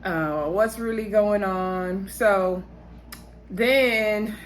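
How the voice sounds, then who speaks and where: A woman talking through a reality show episode in a loose, chatty vlog style at a mid pitch. She addresses her viewers directly and breaks into laughter often. A faint hiss sits under her voice. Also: very slow. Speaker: reality TV recap vlogger. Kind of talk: casual episode recap.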